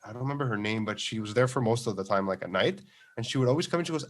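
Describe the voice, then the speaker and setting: A man telling lively, profane stories about his kids on a podcast, acting out every quote. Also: mid-range voice, quick pace. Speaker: podcast guest. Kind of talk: casual chat, storytelling.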